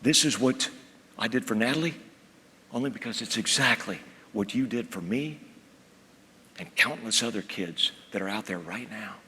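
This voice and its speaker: A man giving a motivational keynote, telling stories, calling out to the crowd and dropping to a hush for serious points. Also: on the low side, normal speed, long pauses, in a large hall, a little hiss or hum. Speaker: keynote speaker. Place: large conference hall.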